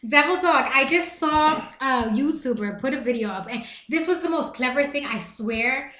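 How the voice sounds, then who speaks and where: A woman hosting a live stream, talking in an animated, emphatic way and repeating words to drive her points home. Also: high voice, normal speed, echoey room. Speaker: livestream host. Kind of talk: casual live-stream chat.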